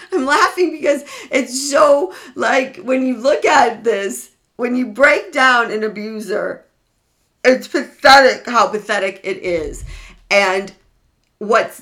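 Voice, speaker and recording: A woman talking straight at her listener in an emphatic, explanatory way. She keeps throwing out rhetorical questions and answering them herself, with animated swings in emphasis. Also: medium pitch.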